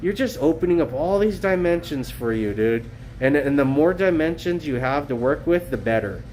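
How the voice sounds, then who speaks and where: A man's voice: fairly high pitch, animated, moderate pace, darkish tone, slight background noise. A man livestreaming from his phone, talking earnestly in a rambling way, with lots of fillers, restarts and repetition. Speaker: streamer. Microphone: cell phone.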